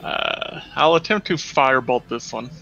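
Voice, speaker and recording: A man's voice: mid-range voice, normal speed, vocal fry, sharp tone, muffled recording. A man playing a tabletop game, speaking tentatively. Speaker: player. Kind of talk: casual tabletop play. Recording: faint background music.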